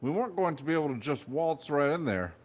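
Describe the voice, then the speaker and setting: A man reading a comic novel aloud in a deadpan narrating voice. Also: a little high, quick pace, dull audio. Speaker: reader.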